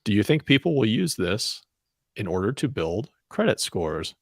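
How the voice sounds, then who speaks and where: A man's voice: lowish voice, big pitch swings, normal speed, vocal fry, no room sound. A man co-hosting a radio talk show, chatting casually and reading the news in a dry, matter-of-fact way. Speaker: co-host and news reader.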